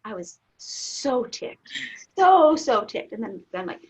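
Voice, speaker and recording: A middle-aged woman, a guest in an interview, telling a personal story candidly, laughing often and getting suddenly loud. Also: fairly high pitch, big pitch swings, slow pace, pauses often, husky. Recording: dull lo-fi audio.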